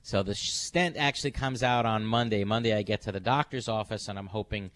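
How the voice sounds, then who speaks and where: A middle-aged man hosting a radio show, telling a story in a casual, animated way and acting out the voices of the people in it. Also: fairly low pitch, fairly quick. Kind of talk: casual on-air chat.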